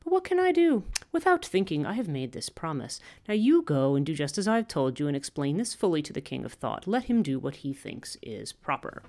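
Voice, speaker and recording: A speaker voicing a calm, smiling goddess while reading a scripture passage aloud in a measured, formal way. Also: medium pitch. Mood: serene. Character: serene fierce goddess, calmly smiling.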